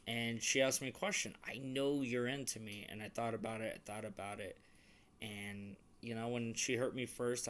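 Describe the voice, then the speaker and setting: A young man chatting casually on a couple's vlog, earnest and rambling, with many restarts. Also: medium pitch. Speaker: vlogger.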